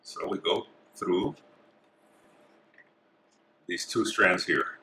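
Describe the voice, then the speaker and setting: A man calmly talking through each step of a craft tutorial as he works with his hands. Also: low voice, drawn-out words, a little hiss or hum. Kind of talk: step-by-step instruction. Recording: echoey room.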